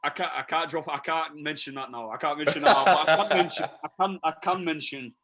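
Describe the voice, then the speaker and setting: A slightly high, slightly fast male voice from Leeds, England, recorded at low quality over a loud crowd. He's a DJ guesting on a casual podcast interview, talking eagerly and chattily with plenty of restarts and fillers.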